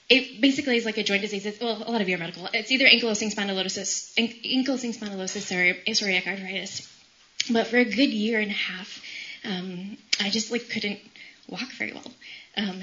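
A woman's voice: medium pitch, bright, forceful tone, dull audio. A woman in her thirties giving a tearful, emotional faith talk to medical trainees, with many fillers. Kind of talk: faith talk with scripture reading and personal story.

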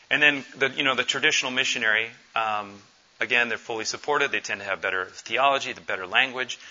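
A man's voice: medium pitch, sharp tone, lo-fi sound. An earnest man in his forties giving a conversational talk at a missions conference, with frequent fillers.

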